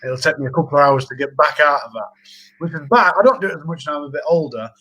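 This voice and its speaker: This Sheffield livestream host speaks with a Yorkshire accent in a fairly high, expressive voice with a sharp tone and quick pace. He rambles through a casual chat, laughing a lot, on a low-quality recording.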